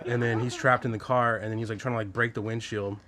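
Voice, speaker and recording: A man hosting a podcast, telling a story in a relaxed, profane, casual way. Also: medium pitch, fast, a crowd in the background. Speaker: podcast host. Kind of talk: casual chat.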